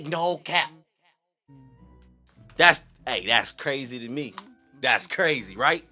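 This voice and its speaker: A man hosting a reaction video, talking in an animated, slangy, excitable way. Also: medium pitch, slow pace, pauses often, faint music behind. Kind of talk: casual reaction commentary.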